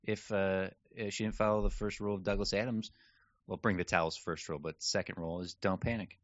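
A man's voice: sits low, fairly even intonation, brisk, no room sound. A man co-hosting a film podcast, joking and bantering casually. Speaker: podcast co-host. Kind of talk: casual movie review chat. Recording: slightly muffled dry podcast audio.

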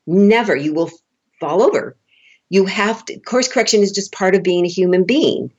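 A woman's voice: mid-range voice, normal speed, dull audio. A woman relationship coach, a podcast guest, telling candid, folksy stories and acting out the dialogue. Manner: animated storyteller, acts out dialogue, laughs often; candid, folksy, uses casual swearing. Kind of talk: conversational podcast interview.

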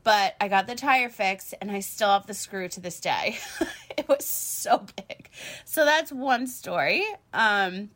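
A woman in her thirties spins a long personal story in a casual monologue. Her voice is bright and clear, and she talks in an animated, chatty way, swearing freely and leaning on filler words as she goes. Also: medium pitch, measured pace.

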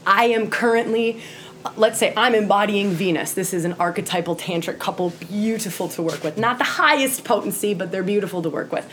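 A woman's voice: mid-range voice, brisk, fairly bright tone. Woman, tantra teacher, impassioned, keeps asking right, faint hiss behind. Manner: impassioned, asks "right?" often; acts out quoted voices. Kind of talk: teaching talk to a group.

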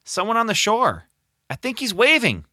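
A man voicing James, an excitable adult disciple who shouts in a raised, high voice in a children's Bible story. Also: normal speed, no echo, clean studio sound, exaggerated voice. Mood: excited.

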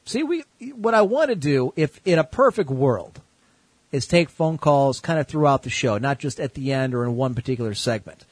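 A man's voice: medium pitch, expressive, normal speed, no echo, rough recording. A man from the United States hosting an online call-in show, laid-back and joking with crude language. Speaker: show host.

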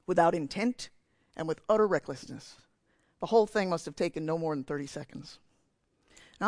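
High-voiced man preaching a sermon. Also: no echo. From New Jersey. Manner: candid, self-mocking storytelling. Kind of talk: sermon with personal story. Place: church.

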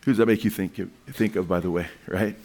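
Animated male preacher with restarts. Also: sits low, quick pace. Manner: animated and conversational, with frequent restarts and rising emphasis. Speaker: pastor. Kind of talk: sermon.

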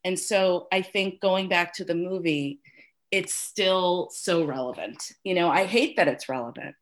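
Low-voiced middle-aged woman, halting and heartfelt. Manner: halting, heartfelt, many restarts and fillers. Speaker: interview guest. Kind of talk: personal storytelling in conversation.

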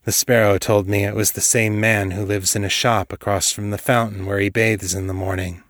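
A wise, gentle male elf speaks gently and clearly, his low voice carrying quiet power, put on by a man reading a story. The sound is dry and close. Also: level tone, normal speed, no echo, lightly acted. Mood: weary.

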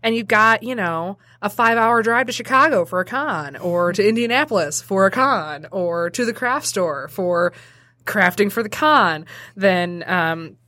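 A woman's voice: medium pitch, animated, unhurried, pushed and bright, no room sound. A woman hosting a casual podcast, reading an ad in a chatty, giggly, ad-libbed way. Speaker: podcast host. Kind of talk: casual podcast chat with ad read.

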